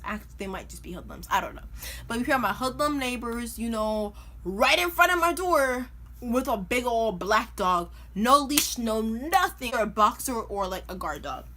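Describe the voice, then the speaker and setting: A young woman vlogger telling a funny personal story in an animated, chatty way, full of "like" and "you know". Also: mid-range voice, a little hiss or hum. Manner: animated, chatty, filler-heavy with lots of "like". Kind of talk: casual storytime.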